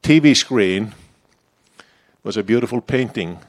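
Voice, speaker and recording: A man's voice: on the low side, animated, unhurried. A man preaching a sermon in a church, in a conversational, personal way that turns the message back on himself.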